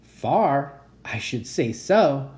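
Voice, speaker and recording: A reader voicing a very old, aloof male seagull in a children's storybook, croaking and dismissive. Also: medium pitch, very animated, very slow, darkish tone. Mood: haughty. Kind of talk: children's storybook read-aloud.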